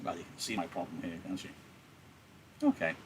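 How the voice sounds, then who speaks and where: A man's voice: deep voice, a little fast, noisy background. A man teaching live, reading a play aloud and explaining it in a joking, chatty way over a laptop mic.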